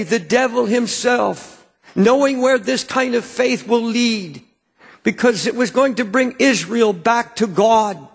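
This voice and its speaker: A man preaches a sermon to his congregation in a high, creaky voice with a breathy edge. When stirred he stammers, restarts and repeats words to press his point, and the hall adds long reverb.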